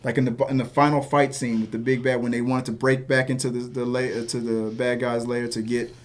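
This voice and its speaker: A man in casual film chat on a podcast, rambling and excitable with many restarts. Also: mid-range voice, brisk. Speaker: podcast co-host.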